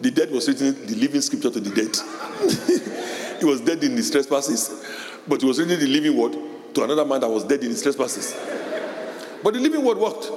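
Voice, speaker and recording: A middle-aged man preaching a sermon as pastor, animated, laughing often and shouting in a high voice when quoting parents. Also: brisk. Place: church hall. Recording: echoey hall with long reverb.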